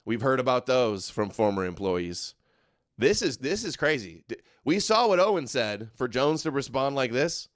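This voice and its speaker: A man's voice: mid-range voice, sing-song, normal speed, no echo, clean studio sound. Sarcastic man hosting a live reaction. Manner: sarcastic, mocking, bursts into shouting. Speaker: host. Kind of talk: casual live reaction commentary.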